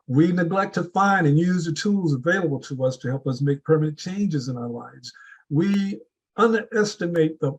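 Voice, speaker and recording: A man giving a deliberate motivational speech to a club audience, building his points with repeated rhetorical questions. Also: fairly high pitch, husky, highs cut off. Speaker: club speaker.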